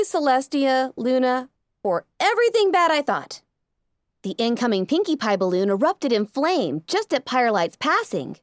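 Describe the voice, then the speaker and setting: Brief: dramatic woman narrator, fairly high and very lively pitch, dry close mic. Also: dry recording. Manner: expressive, dramatic first-person reading. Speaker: audiobook narrator. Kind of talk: reading fan fiction aloud.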